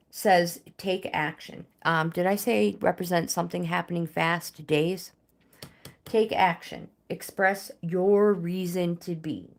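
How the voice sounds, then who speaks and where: Chatty woman with a lowish voice. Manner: chatty, talks to viewers by name, reads card meanings. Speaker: live-stream tarot card reader. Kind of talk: casual live-stream card reading.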